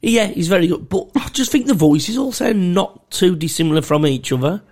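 Casting: male co-host, husky and gravelly, lively delivery, crude jokes. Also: sits high, normal speed. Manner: sweary, jokey, laughs a lot. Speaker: podcast co-host. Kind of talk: casual banter.

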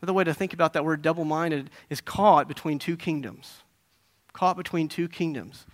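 A man's voice: a little high, moderate pace. A man preaching a sermon, telling stories with acted-out voices and asking his listeners questions. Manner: animated storytelling, acting out voices, asking the audience questions. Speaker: pastor.

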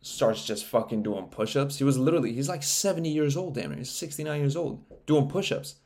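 A man's voice: medium pitch, lively intonation, a little fast, vocal fry, a little mellow. Profane young man ranting on his podcast. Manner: profane, joking, slips into mocking impressions. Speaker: podcast host. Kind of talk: casual solo podcast rant.

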